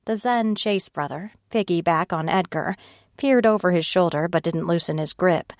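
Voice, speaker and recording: A woman narrating an audiobook in first person, reading at a slow, steady pace and raising her pitch for the other characters' lines. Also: dry recording, clean studio sound, close to an everyday voice. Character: tearful frightened young woman narrator, Ivy.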